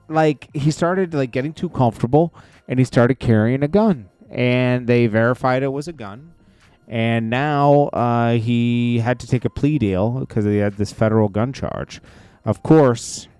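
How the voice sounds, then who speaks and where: A man's voice: medium pitch, a little mellow, no room sound. A man hosting a casual celebrity news commentary, rambling with chuckling asides. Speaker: host.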